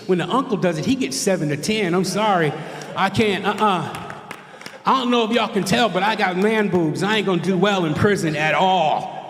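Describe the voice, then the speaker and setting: Brief: middle-aged male stand-up comic, high voice for a man, self-mocking and chatty, big reverb from the hall. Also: moderate pace, a bit bright. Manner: conversational, self-mocking, tag questions to the crowd. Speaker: stand-up comedian. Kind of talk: stand-up comedy set. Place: church stage with a live audience. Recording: echoey hall, long reverb.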